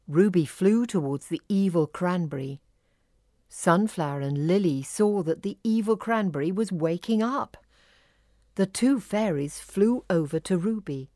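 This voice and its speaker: A woman reading a children's fairy story aloud, slowly and carefully. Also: fairly low pitch, mellow, no room sound, studio quality.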